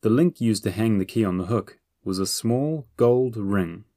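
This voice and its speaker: A man narrating an audiobook chapter in a steady, measured storytelling manner. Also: lowish voice, no echo, clean studio sound. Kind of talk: scripted narration.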